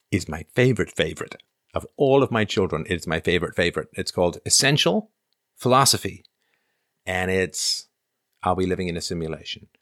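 A man's voice: low voice, fairly bright tone, no room sound, studio quality. A man in his fifties hosting a casual livestream, reading viewer comments aloud and answering in a rambling, self-interrupting way.

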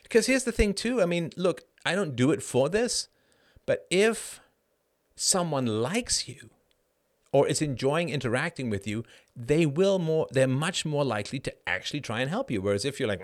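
A middle-aged man hosting a live show, answering chat questions in an animated monologue that keeps tossing in a rhetorical "right?". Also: mid-range voice, moderate pace. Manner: animated, frequent rhetorical "right?", laughs mid-sentence. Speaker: host.

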